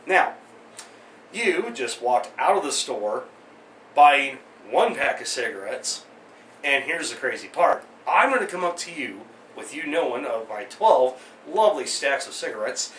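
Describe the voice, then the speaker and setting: A man's voice: medium pitch, very animated, a little slow, a bit bright, reverberant, recorded from a distance, a little hiss or hum, rough recording. A man in his thirties hosting a weekly rant, sarcastic and exasperated, with joking asides. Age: 30s. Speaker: vlog host. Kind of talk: ranting commentary.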